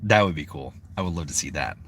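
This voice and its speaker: A young man, a voice actor, chatting casually on a live stream, rambling and excitable, swearing freely. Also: very deep voice, fast talker, background noise. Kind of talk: casual livestream chat.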